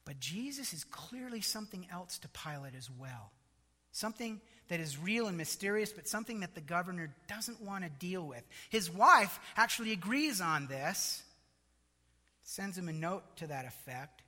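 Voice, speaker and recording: A man delivers a sermon in a high, bright voice. He builds emphasis and slips into mocking asides. The sound rings with a long hall reverb. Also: animated, normal speed. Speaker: preacher.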